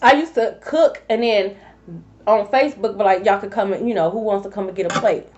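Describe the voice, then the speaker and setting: A woman's voice: mid-range voice, a little fast, darkish tone. A woman giving a collective tarot reading, blunt and profane, repeating her points for emphasis. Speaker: tarot reader. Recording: dull lo-fi recording.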